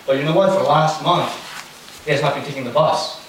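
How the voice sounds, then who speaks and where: A young man gives a casual sermon, rambling through anecdotes with plenty of fillers. His voice sits a little high. The sound is very echoey and distant in a church hall, with a faint hiss behind. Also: a little fast. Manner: chatty, anecdotal, lots of fillers. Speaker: pastor. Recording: very echoey room, far from the mic, faint noise.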